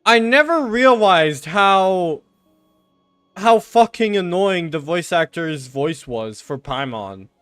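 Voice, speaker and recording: A man streaming a game, giving casual commentary with sarcastic remarks, frequent swearing and excitable outbursts. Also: high voice, takes it slowly, clean tone, no echo, soft background music.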